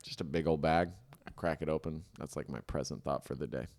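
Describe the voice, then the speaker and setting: A man's voice: rumbling low, steady tone, a little fast, darkish tone. A young man co-hosting a comedy podcast, chatting casually and rambling with lots of "like.". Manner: rambling, heavy use of "like". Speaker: podcast co-host.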